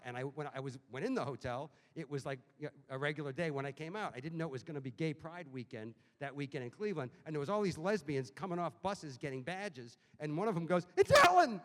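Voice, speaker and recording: A middle-aged man from telling profane, animated comic anecdotes at a book event. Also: fairly high pitch. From Boston. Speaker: author guest. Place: bookstore event hall. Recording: reverberant hall, live audience.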